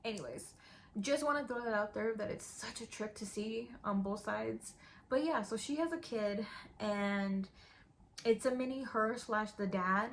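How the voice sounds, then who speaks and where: A young woman YouTuber tells a storytime in a relaxed, candid style, constantly saying "like" and "girl." Her voice sits on the higher side, her pace is measured, and there's faint background noise.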